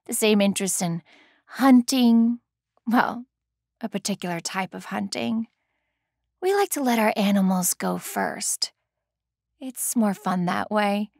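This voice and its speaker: A man voicing a sing-song, mocking female killer who taunts her prey slowly in a high voice. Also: creaky, a little mellow, no echo, clean studio sound, heavily acted. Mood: taunting.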